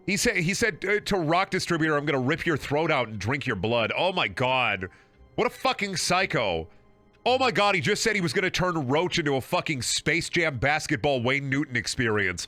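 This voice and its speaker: A man's voice: on the high side, very animated, moderate pace, sharp tone, no room sound, faint music behind. A man streaming a video game, talking in a sarcastic, rambling, profane way with frequent laughing and repeated words. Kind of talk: casual game livestream commentary.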